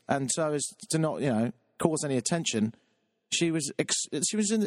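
Man, talk radio dj, self-deprecating, rambling, wry, dry close sound, mid pitch. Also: no room sound. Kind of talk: confessional radio monologue.

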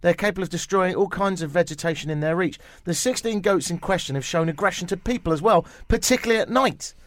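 A man's voice: sits high, fast talker, no echo. Brief: young man, radio host, jokey and riffing, very dry sound. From England. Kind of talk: casual radio chat.

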